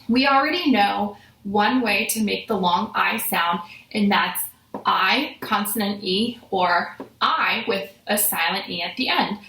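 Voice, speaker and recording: A woman teaching a phonics lesson to children, sounding out letters slowly and clearly. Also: mid-range voice, sharp tone. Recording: echoey room.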